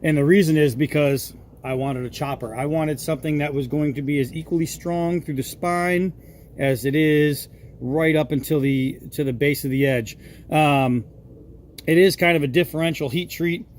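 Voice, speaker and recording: A man from Massachusetts, a knifemaker, casually showing off and explaining a knife he made, with relaxed chatter and frequent fillers. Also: on the high side, moderate pace, slight background noise. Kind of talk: casual show-and-tell vlog.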